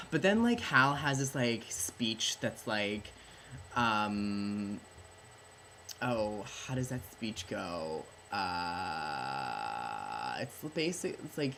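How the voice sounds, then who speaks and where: A man's voice: fairly low pitch, sing-song, drawn-out words, vocal fry, sharp tone, a little hiss or hum. A tipsy young man retelling a play for laughs, rambling, swearing and saying "like" constantly, close to the camera. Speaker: host. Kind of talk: drunk comedic plot retelling. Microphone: camera at close range.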